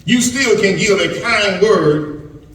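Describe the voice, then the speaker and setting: A man preaches to young people, his voice sitting high for a man. He stammers and repeats words as he builds his points. He sounds far from the mic, in a church sanctuary full of echo. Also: animated, takes it slowly, a bit bright, slight background noise. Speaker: pastor. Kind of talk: sermon.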